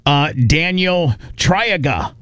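A man's voice: a little high, expressive, very slow, a bit bright, no room sound. Man, radio host, casual banter, stammering restarts, dry close studio sound. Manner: rambling, stammering restarts, emotional. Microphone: studio microphone.

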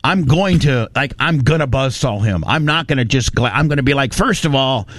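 A man hosts a talk radio show, telling his story in a lively, ranting way. His voice sits at a mid pitch. The sound is close and dry, caught on a studio mic. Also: a little fast, dry recording. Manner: animated storytelling, ranting, profane. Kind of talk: casual studio chat.

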